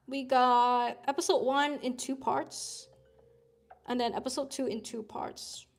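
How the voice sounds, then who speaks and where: A woman streamer, a little sick, chatting and swearing casually as she reads through webtoon contest entries out loud. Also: high voice. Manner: chatty, swears freely, thinks aloud while reading panels. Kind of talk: casual live-stream commentary.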